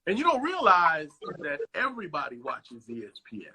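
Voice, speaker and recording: A man guest in a casual interview, telling stories in a profane, animated way and acting out what others said, over a phone video call. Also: fairly high pitch, moderate pace, husky. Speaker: actor guest.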